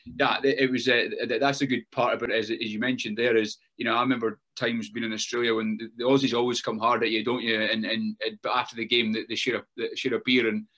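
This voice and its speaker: A man's voice: medium pitch, level tone, fast talker, bright, forceful tone. A man with a Scottish Borders accent chatting casually on a podcast, rambling through stories full of fillers and repeats. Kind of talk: casual chat.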